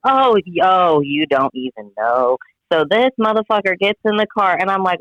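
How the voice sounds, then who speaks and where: A man telling a story in a casual chat, animated and profane, acting out what everyone said. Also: high voice, moderate pace, hardly any pauses, no echo, muffled recording. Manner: animated, profane, dramatic retelling with quoted voices. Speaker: guest friend telling a story.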